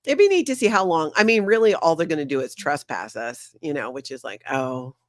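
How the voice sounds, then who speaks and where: A woman's voice: sits low, lively intonation, fairly quick, dry recording, studio quality. A middle-aged woman hosting a casual chat, talking freely and laughing often as she tries out playful accents. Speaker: host.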